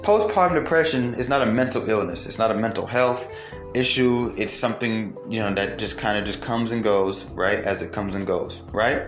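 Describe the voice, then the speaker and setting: A man's voice: lowish voice, moderate pace. A man delivering a heated, profane monologue to his viewers, firing off rhetorical questions. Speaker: commentator. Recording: roomy echo, faint music behind.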